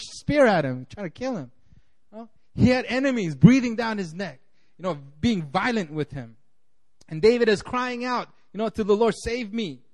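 A man's voice: high-pitched, darkish tone. A man preaching a sermon as pastor, in a conversational way full of "you know", acting out the voices he quotes.

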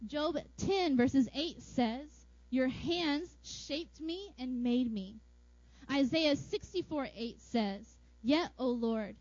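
A woman with a high voice preaches a sermon, playful and animated, slipping in jokes and little acted-out asides. The sound is dry and a little dull, with no room around it. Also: no room sound.

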